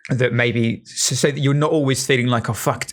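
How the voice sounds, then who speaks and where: A man co-hosting a casual podcast, explaining a game enthusiastically with halting restarts and frequent laughs. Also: medium pitch, fairly even intonation. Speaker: podcast co-host, game developer. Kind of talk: casual chat.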